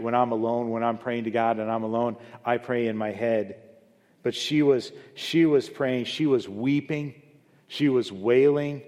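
Pastor preaching in a reverberant hall. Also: male voice. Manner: rises loud and high for emphasis, then drops low and soft. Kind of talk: sermon.

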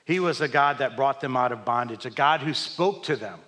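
A man preaching a sermon, swinging between loud emphatic lines and hushed, quiet ones. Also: mid-range voice, lively intonation, moderate pace. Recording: long hall reverb.

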